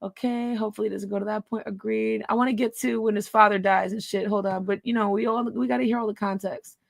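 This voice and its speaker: A woman's voice: mid-range voice, steady tone, quick pace, gravelly, dry recording. A woman reading out private messages and commenting on them, blunt, profane and sarcastic. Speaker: gossip commentator.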